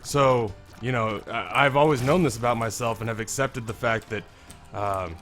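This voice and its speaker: A hoarse young man hosting a let's play, commentating in a rambling, candid way and swearing freely. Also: mid-range voice, moderate pace, a bit bright, soft background music. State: hoarse, strained voice. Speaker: gaming video host.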